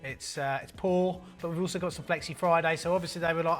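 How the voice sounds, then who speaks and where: A man with a slightly raised voice hosts a plumbing channel in a casual, jokey style. He mixes cheeky banter and crude humour into his talk. Soft music plays faintly underneath. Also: on the high side, steady tone, quick pace, few pauses.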